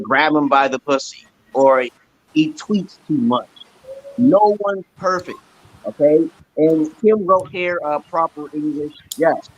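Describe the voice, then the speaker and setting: Stream host, male, from Brooklyn; insistent lecturing delivery, husky tone, muffled lo-fi sound. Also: on the high side. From Brooklyn, New York, USA. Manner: emphatic, repetitive, insistent. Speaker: livestream host. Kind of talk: lecturing livestream chat.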